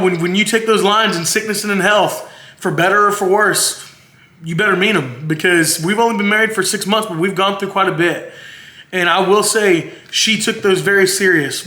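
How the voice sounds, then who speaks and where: A man with a high, bright voice, talking in an earnest and emotional way, close to tears as he rambles on. His voice carries a roomy echo. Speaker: vlogger, husband. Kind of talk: heartfelt to-camera monologue.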